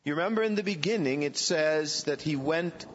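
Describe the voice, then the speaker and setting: A man reflecting deliberately in a Bible study discussion. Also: on the high side, a little hiss or hum. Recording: dull recording with long hall reverb.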